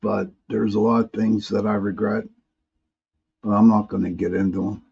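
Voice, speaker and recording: Male host, low husky mellow voice, rambling live-stream chat delivery, dull lo-fi audio. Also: level tone, moderate pace. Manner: rambling, with frequent restarts and repeated words. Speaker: host of a live paranormal talk show. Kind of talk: casual live-stream chat, reading viewer comments.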